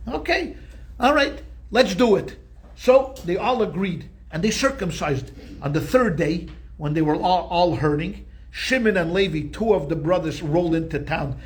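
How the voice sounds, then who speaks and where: A male rabbi teaching a Torah class, telling the story in an animated, conversational way with frequent restarts. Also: a little high, moderate pace, few pauses.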